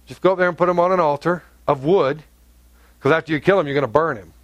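A man voicing God as a male deity who gives blunt, matter-of-fact commands in a deepened voice. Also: quick pace, no room sound, highs cut off, close to an everyday voice. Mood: stern.

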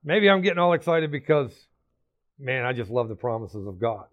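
A male pastor preaching a sermon, emphatic and excitable, repeating phrases and bursting into sudden shouts. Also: medium pitch, normal speed, muffled recording.

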